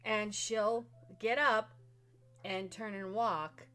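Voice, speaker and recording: A woman game master narrating a tabletop game in a casual, lively storytelling way. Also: mid-range voice, takes it slowly.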